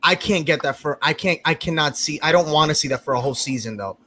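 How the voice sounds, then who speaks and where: Chatty man, fairly high voice. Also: quick pace. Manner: animated, talks over others, many restarts. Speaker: podcast host. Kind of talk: casual group review chat.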